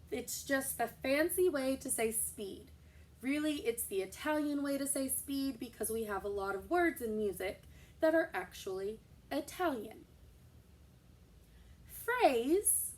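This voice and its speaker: A woman teaching a recorded music lesson for young children, explaining terms slowly and patiently. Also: a little high, distant mic.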